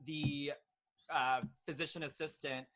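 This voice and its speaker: Bright-voiced earnest young man. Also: a little high, fairly even intonation, unhurried. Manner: earnest, filler-heavy storytelling. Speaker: podcast guest, pediatric nurse. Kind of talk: casual interview chat.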